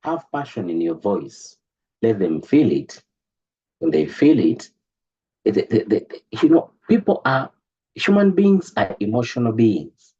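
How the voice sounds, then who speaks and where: A man coaching a group on business, in an animated, preachy way that stumbles and repeats words, heard over an online call. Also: on the low side, a little slow, husky, dull audio. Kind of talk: motivational talk to a group.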